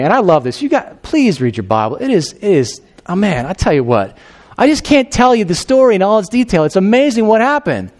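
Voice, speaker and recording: Animated storytelling pastor, man. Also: fairly high pitch, fast talker. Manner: animated, acts out the quoted figures in a raised voice; conversational, with asides to the congregation. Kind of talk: sermon storytelling.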